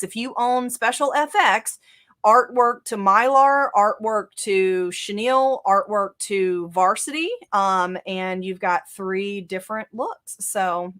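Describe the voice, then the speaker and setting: A woman with a Southern US accent hosts a live software lesson. She talks in a casual, conversational way, thinking aloud and dropping in "um"s and "okay"s as she clicks through each step. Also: medium pitch. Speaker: software instructor.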